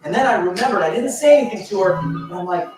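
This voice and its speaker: Man in his fifties, motivational speaker, animated and restarting often, miked from a distance in a big echoing hall. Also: high voice, quick pace, music in the background. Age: 50s. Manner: animated storytelling with frequent restarts and laughs. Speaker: motivational speaker at a business event. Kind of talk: motivational speech. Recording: echoey hall, voice from far off.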